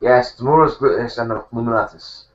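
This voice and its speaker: A man's voice: mid-range voice, fairly quick. A man chatting on a comedy podcast, making short dry remarks. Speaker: podcast co-host. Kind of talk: casual comedic chat. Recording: dull lo-fi sound.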